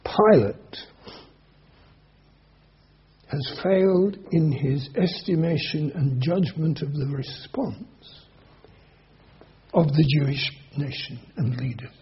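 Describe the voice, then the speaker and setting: A man preaching an expository sermon, his voice high for a man and very husky. He reads scripture aloud and then explains it, dropping soft and then rising emphatic. The recording is dull and lo-fi. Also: slow, long pauses.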